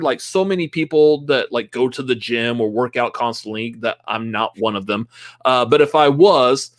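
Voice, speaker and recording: A man's voice: mid-range voice, a bit bright, no echo. A man co-hosting a casual live movie-news stream, chatty and full of fillers, laughing often. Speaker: movie podcast co-host.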